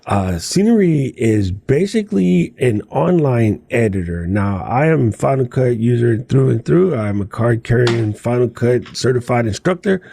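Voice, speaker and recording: A man's voice: mid-range voice, creaky, warm tone, slightly rough, no echo. A man on a tech podcast panel, chatting casually and keenly, with joking asides.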